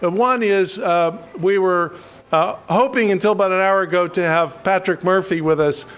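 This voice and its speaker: A man from western Pennsylvania emceeing a political rally, halting with many restarts and self-deprecating jokes. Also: high voice, a bit bright, smooth.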